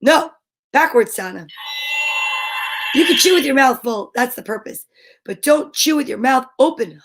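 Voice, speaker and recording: A middle-aged woman with a New Jersey accent, hosting a cheerful kids' show. Her voice sits high and bright, and she chats playfully with a sing-song lift in her greetings. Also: lively intonation, moderate pace, pauses often, low-quality recording. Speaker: children's show host. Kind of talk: cheerful live-stream chat for kids.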